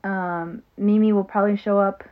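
A woman co-hosting a casual podcast with her sister, chatty and quick to laugh, with plenty of ums. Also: medium pitch, steady tone. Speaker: podcast co-host. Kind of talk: casual chat. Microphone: phone. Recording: phone-like narrow sound.

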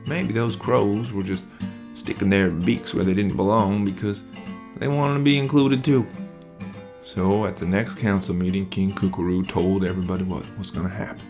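A man narrates a children's story in a relaxed, folksy manner. His voice is deep and gravelly, and soft guitar plays behind it. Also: normal speed. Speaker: children's podcast host and storyteller.

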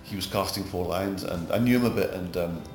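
Here a middle-aged Glaswegian actor, interviewed as a guest, talks briskly in a low voice with his Scottish accent. His casual chat drifts through rambling stories that grow animated. Music sits behind him, and the space has a roomy echo.

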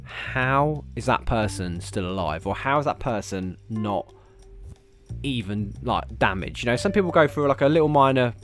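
A man, hosting his own podcast and rambling through stories, swearing constantly and getting animated. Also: mid-range voice, normal speed, faint music behind. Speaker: podcast host. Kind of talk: casual solo podcast chat.

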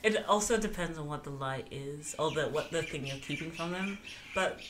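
Low-voiced giggly woman. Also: normal speed, noisy background. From Australia. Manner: rambling, giggly, many fillers. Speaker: podcast co-host. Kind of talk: casual chat.

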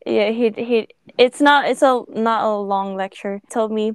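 A woman's voice: fairly high pitch, fairly even intonation, moderate pace, few pauses, smooth, no echo, clean studio sound. A woman in her twenties from the Philippines, co-hosting a podcast in casual, candid chat, swearing freely and laughing often. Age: 20s. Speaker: podcast co-host.

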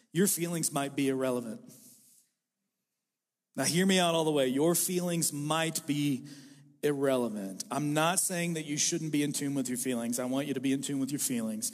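Brief: male pastor, forties, high voice, casual joking sermon, church hall reverb. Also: a little fast. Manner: conversational and joking, with animated impressions. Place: church hall with a live congregation.

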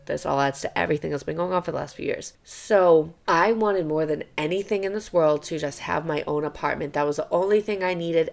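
Young woman, low voice, vocal fry, blunt confessional podcast chat, frequent swearing. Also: brisk, few pauses. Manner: blunt and confessional, swears often, frequent fillers like okay and right. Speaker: podcast host. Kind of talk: candid personal monologue.

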